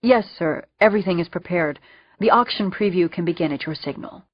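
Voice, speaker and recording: An eager, respectful henchman who keeps his head bowed , played by a woman narrator in a lowish voice. The reading is captured on a dull, dry, lo-fi recording. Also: a little fast, no room sound, lightly acted. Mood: deferential. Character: deferential male henchman assistant.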